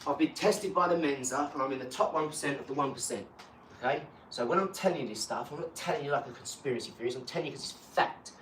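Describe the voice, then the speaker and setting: A man talking in a casual live chat, rambling and boastful, breaking into animated rants. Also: medium pitch, fast. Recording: echoey room, far from mic, faint hum.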